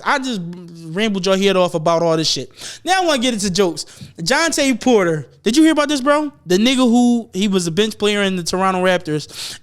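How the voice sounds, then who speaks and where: A young man hosting a podcast, chatting casually and profanely, getting animated and louder as he gets excited. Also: high-pitched, clean tone. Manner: animated, profane storytelling, rising loud when excited. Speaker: podcast host. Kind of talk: casual chat.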